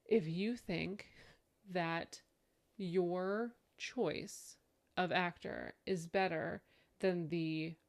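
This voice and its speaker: Animated woman podcast co-host. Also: drawn-out words. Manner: animated storyteller, acts out quotes in high voice. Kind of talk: casual chat.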